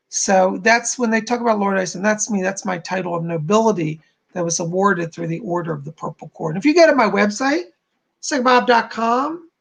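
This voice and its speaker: Gravelly, bubbly male live-stream host. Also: high-pitched, fairly bright tone. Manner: bubbly, greets viewers by name and reads their comments. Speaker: psychic medium hosting a live stream. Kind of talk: casual live-stream chat.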